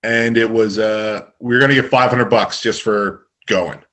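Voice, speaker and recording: A young man, a guest telling stories in a relaxed, rambling way and laughing along. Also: lowish voice, moderate pace. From Canada. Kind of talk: casual storytelling.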